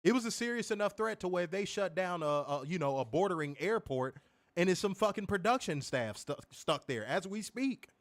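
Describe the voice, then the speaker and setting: Fired-up man ranting, high lively voice. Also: normal speed. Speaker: wrestling podcast co-host. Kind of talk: casual heated commentary.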